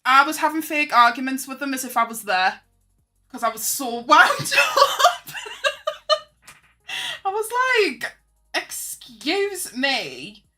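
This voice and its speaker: A woman's voice: high voice, sing-song, slow pace, long pauses, pushed and bright, soft background music. A young woman, chatting casually on a stream while she draws, self-mocking and laughing often as she answers chat.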